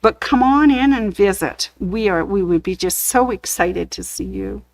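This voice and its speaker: A woman's voice: mid-range voice, animated, normal speed, creaky, no room sound, poor audio. A woman hosting a sewing shop's live show, gushing over craft samples and telling corny jokes in casual chat.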